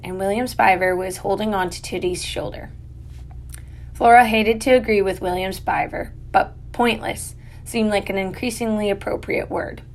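A woman reading an audiobook aloud in a measured, dryly wry manner. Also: mid-range voice. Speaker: audiobook narrator. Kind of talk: scripted narration.

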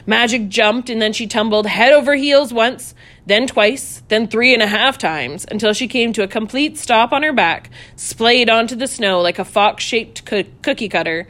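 A woman's voice: a little high, normal speed. Woman reading a children's story aloud. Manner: playful, animated sound effects.

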